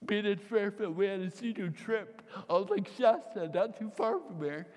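A man's voice: sits high, animated, moderate pace, darkish tone. A man telling an emotional personal story, with dramatic retellings and acted-out quotes. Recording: long hall reverb.

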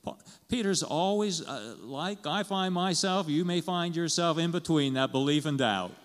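A man's voice: fairly high pitch, expressive, moderate pace, big-room sound. A man pastor preaching a conversational sermon in a church, asking the congregation questions and chuckling as he goes.

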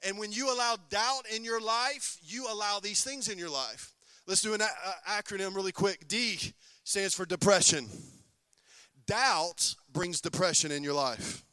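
A man's voice: sits high, unhurried, sharp tone, clean tone, no echo. A man preaching a sermon as pastor, often asking the congregation call-and-response questions.

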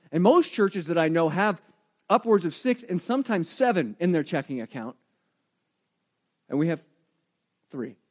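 Male pastor, high-pitched, animated sermon delivery with hushed emphatic drops.

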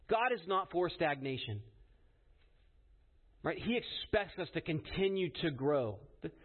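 A man with a high voice preaches an earnest, emphatic sermon. He keeps asking his listeners "right?" as he drives each point home. The recording is narrow and tinny, like a phone line.

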